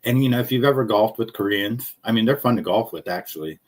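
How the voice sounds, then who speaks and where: A man's voice: fairly low pitch, expressive, fast. A man rambling through casual live-stream commentary, jokey and profane, telling stories.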